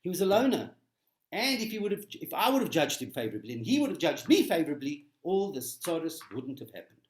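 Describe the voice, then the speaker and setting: A man delivers a Torah talk in a lively, up-and-down voice that sits a bit high for a man. He leans on repetition for emphasis and slips into storytelling. The room gives his voice a noticeable echo. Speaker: rabbi.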